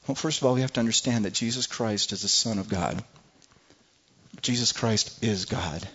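A man preaching a sermon to a congregation with passion, swinging from soft, low moments to loud, high pleas and often repeating words. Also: normal speed, husky, lo-fi sound. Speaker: pastor.

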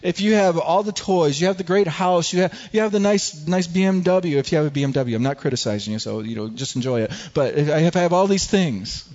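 A male pastor preaching a sermon, animated and telling a personal story with frequent stammered restarts. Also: fairly high pitch, brisk, hardly any pauses, dull audio.

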